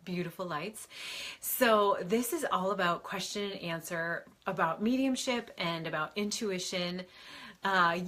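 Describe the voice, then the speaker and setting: A woman hosting a live question-and-answer stream from home, gushing and excitable, laughing often as she greets viewers. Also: mid-range voice. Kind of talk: bubbly livestream chat.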